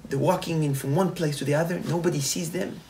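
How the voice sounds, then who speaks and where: A man, a rabbi, retelling a parable in a sermon, animated and repetitive. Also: on the high side, fast talker, slight background noise, poor audio. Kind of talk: sermon storytelling.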